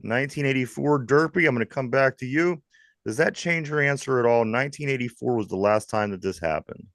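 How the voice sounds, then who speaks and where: A man with a Pittsburgh accent hosting a live sports talk show, lively and jokey, reading trivia questions to his co-hosts. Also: medium pitch, brisk, no room sound. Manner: lively, jokey, laughs often. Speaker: host.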